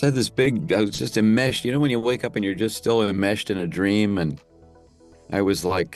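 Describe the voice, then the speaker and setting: A man who works as an actor and impressionist chats as an interview guest, rambling in an easygoing way and laughing readily. His voice is lowish and his pace moderate, with faint music in the background.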